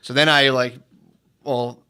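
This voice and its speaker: A man's voice: mid-range voice, level tone, slow pace, bright, forceful tone, clear, resonant tone. A man in his thirties, co-hosting a podcast, telling crude stories in casual chat and often breaking into laughter. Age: 30s. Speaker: podcast co-host.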